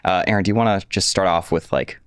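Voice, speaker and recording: A man hosting a podcast interview, asking questions in a relaxed, casual way with fillers. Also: low voice, quick pace, smooth, no room sound, studio quality. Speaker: podcast host.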